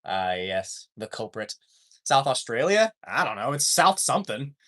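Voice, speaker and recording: A male streamer talks through a casual live chat, reading viewer comments as they come in. His pitch moves up and down freely. He rambles, loses threads mid-sentence and swears without much thought. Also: very animated, measured pace, sharp tone.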